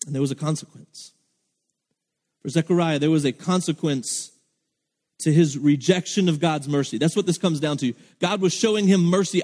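Earnest preacher in a reverberant hall. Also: male voice, fairly high pitch, moderate pace, a little mellow. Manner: earnest, emphatic preaching with acted-out quotes. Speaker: pastor. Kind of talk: sermon.

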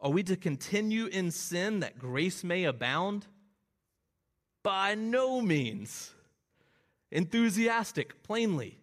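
Earnest male preacher, fairly high voice. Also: lively intonation, a little slow, few pauses. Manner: earnest expository preaching, rising emphatic on key phrases. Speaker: pastor. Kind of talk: sermon.

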